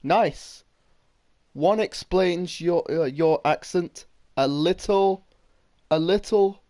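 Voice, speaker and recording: A man's voice: high-pitched, takes it slowly, darkish tone, no room sound. A man doing casual gaming commentary, rambling and swearing while he reads his chat. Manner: rambling, swearing, many restarts. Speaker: gaming streamer.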